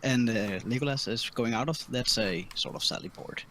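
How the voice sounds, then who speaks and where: A man running a tabletop game as dungeon master, talking in a halting way with many ums and restarts. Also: medium pitch, heavy background noise. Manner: halting, full of ums and restarts, laughs easily.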